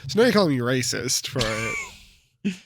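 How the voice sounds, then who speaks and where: A man's voice: medium pitch, sing-song, fairly quick, creaky, no room sound, studio quality. A man in his twenties co-hosting a podcast in casual chat, defensive and exasperated, swearing and laughing off his friend's teasing. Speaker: podcast co-host.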